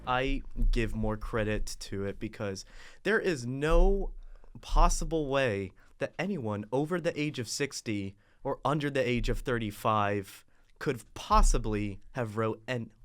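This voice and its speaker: A man's voice: mid-range voice, animated, measured pace, fairly bright tone, smooth. A man co-hosting a film podcast, chatting casually with dry, sarcastic remarks. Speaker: podcast co-host. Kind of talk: casual film review chat.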